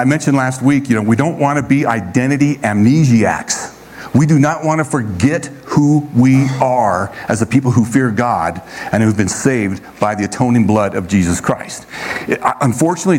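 A man preaching a sermon to a congregation in a relaxed, conversational way, often checking in with his listeners. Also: mid-range voice. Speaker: pastor.

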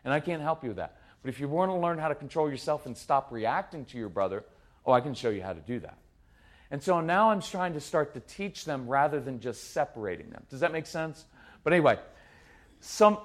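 A middle-aged man giving a live parenting talk to an audience, intense and animated, acting out parents and kids in quick put-on voices. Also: fairly high pitch. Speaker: parenting speaker.

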